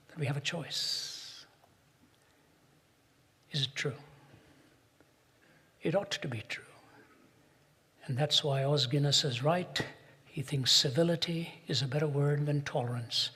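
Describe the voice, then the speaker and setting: A man preaching a sermon in a large hall, telling stories, building to emphatic peaks and dropping soft for quoted asides. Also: fairly high pitch, breathy edge.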